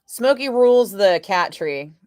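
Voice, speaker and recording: A middle-aged woman chats loosely with her viewers, jumping between stories and offhand swearing. Her voice sits at an ordinary pitch and comes across close and dry, with no room sound around it. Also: unhurried, dry recording. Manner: chatty, animated storyteller, swears casually. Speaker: radio DJ chatting with live viewers. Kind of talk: casual livestream chat.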